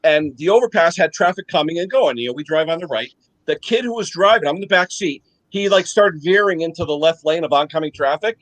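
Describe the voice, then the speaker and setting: A high-pitched older man spins animated stories in a relaxed chat and keeps asking his listeners "okay?" as he goes. The recording is dry and close, with no room sound around his voice. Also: fairly quick, no echo, poor audio. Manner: animated storyteller, checks in with "okay?" tags. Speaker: guest on live chat. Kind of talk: casual storytelling chat.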